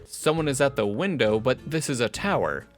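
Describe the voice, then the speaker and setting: Man voicing game characters, lively swooping pitch, playful reads. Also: normal speed, faint music behind. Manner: animated, playful character reading. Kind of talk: casual voiced playthrough.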